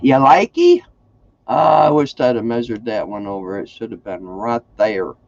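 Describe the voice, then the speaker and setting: A man's voice: mid-range voice, sing-song, normal speed, creaky, a little mellow, dull audio. A man hosting a casual crafting livestream, chatty and folksy, greeting viewers by name.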